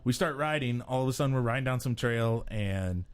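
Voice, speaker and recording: A man on a podcast, telling a story in a relaxed, chatty way. He pokes fun at himself as he goes. His voice sits at an ordinary middle pitch. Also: a little fast, smooth. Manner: animated, self-mocking storyteller. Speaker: podcast co-host. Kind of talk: casual storytelling.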